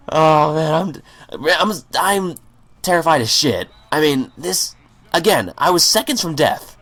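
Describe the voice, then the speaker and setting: A man's voice: on the high side, lively intonation, takes it slowly, long pauses, fairly bright tone. A man telling a story in a rambling, profane way over gameplay, stammering and restarting his sentences. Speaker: gaming channel host.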